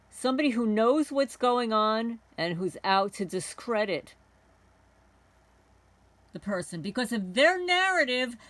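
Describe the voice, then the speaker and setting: A woman's voice: fairly high pitch, no room sound. A woman hosting a homesteading channel, talking to camera in a heated, indignant monologue and swearing now and then. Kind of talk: rambling angry monologue to camera.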